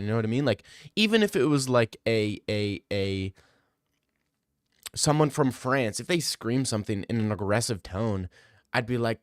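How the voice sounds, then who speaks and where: A man's voice: medium pitch, sing-song, normal speed, dry recording, clean studio sound. A young man streaming, reading live comments in joking, rambling casual chat.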